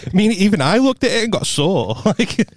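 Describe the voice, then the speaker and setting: A man's voice: high-pitched, brisk, no echo, clean studio sound. A man co-hosting a podcast, joking crudely and laughing often in casual banter. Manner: laughing, animated, crude jokes. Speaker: podcast co-host.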